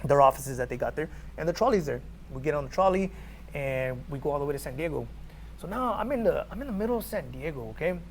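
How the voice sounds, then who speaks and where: Podcast guest, man from California, animated storyteller, slightly raised pitch, gravelly edge, faint noise behind. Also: fast talker. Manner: animated, repeats words, acts out quoted dialogue. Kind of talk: conversational storytelling.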